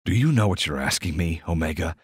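A man voicing a huge, protective, dominant alpha shifter man with a low, intimate, commanding delivery, in an audiobook romance. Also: expressive, quick pace, breathy edge, no echo, studio quality. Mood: serious.

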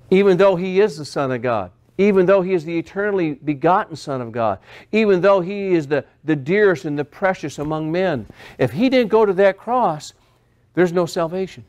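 High-voiced man preaching with passion. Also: animated, normal speed, darkish tone. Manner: impassioned preaching, repeating phrases with rising emphasis. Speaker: pastor. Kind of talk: sermon.

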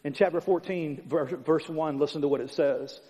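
Pastor, male, higher-pitched, punchy repetitive sermon delivery in a reverberant church hall. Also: moderate pace, warm tone. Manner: emphatic, conversational preaching with repetition. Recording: long hall reverb, dull sound.

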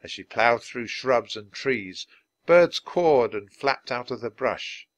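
A man reading a children's chapter book aloud in a clear, measured, lively way. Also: mid-range voice. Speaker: storybook reader.

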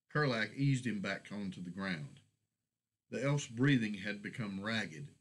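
A man reading his own fantasy short story aloud in a steady, measured storybook narration. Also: low voice, slightly rough, rough recording.

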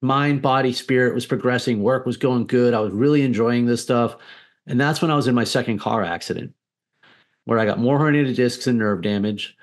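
A man's voice: medium pitch, normal speed. A man as a podcast guest, telling a candid personal story in a blunt, defiant way with frequent swearing.

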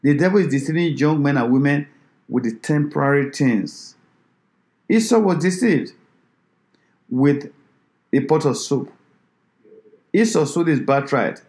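A man's voice: fairly high pitch, lively intonation, unhurried, long pauses, darkish tone. A man preaching a sermon who exhorts his listeners with repeated rhetorical questions.

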